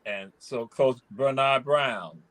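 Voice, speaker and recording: A man's voice: medium pitch, fairly bright tone. A man hosting a sports talk panel over a video call, drawing out his words as he calls on each guest for their thoughts. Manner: slow and drawn out, calls on panelists by name. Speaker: host.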